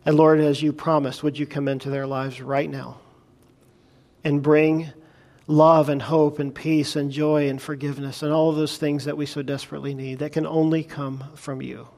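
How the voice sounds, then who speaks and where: A pastor telling a sermon story, then closing in a hushed, earnest prayer. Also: male voice, a little high, level tone, moderate pace.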